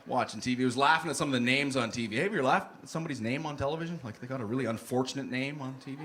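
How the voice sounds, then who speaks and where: A man performing an animated stand-up comedy set on a club stage, shouting his punchlines in put-on voices. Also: medium pitch, fast talker, long pauses, slight background noise. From Canada. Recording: live club recording with loud crowd laughter.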